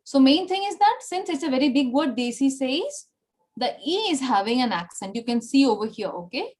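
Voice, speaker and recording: A woman's voice: high-pitched, big pitch swings, moderate pace, darkish tone. A woman teaching a Spanish language class online, explaining patiently and checking in with "okay?" and "right?" after nearly every sentence. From India.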